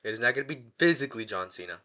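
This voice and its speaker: Excitable man ranting on a vlog. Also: mid-range voice, very fast. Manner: excitable, slangy, rambling with restarts. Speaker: wrestling fan vlogger. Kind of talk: casual prediction rant.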